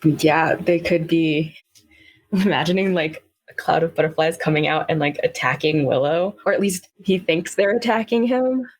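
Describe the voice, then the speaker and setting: A woman playing a tabletop role-playing game, describing her character's actions in a halting way with lots of fillers. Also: low voice. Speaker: player. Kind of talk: tabletop role-play narration.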